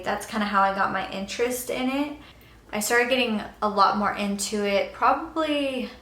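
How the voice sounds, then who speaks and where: A woman's voice: mid-range voice, a bit bright. Young woman, casual rambling beauty vlogger, mid-range voice, echoey home room. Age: young adult. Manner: chatty, rambling, laughs now and then. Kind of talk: casual get-ready-with-me chat.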